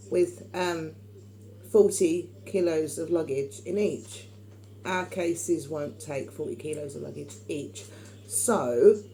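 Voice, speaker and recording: A young woman chatting in a rambling, easy way. Her voice sits fairly low and has a warm, mellow color. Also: a little hiss or hum. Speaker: vlogger. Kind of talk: casual chat.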